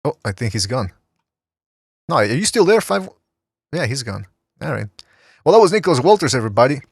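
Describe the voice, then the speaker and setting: A man's voice: mid-range voice, big pitch swings, fairly quick, gravelly, slightly rough, no room sound. Brief: male call-in host, casual and jokey, dry close sound. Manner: jokey, taking calls. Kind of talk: casual podcast chat.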